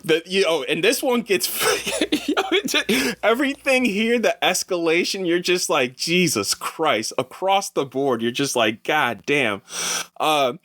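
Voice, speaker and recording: A man hosting a casual film podcast, talking in an animated, slangy way with plenty of swearing. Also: high voice, unhurried, no echo, studio quality. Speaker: podcast host, film reviewer. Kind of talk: casual chat.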